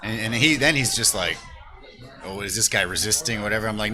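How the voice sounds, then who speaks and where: A man's voice: lowish voice, fairly quick, pushed and bright. A man from Canada hosting a casual chat, telling stories in a laid-back way, peppered with "dude" and "man". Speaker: host. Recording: music playing behind.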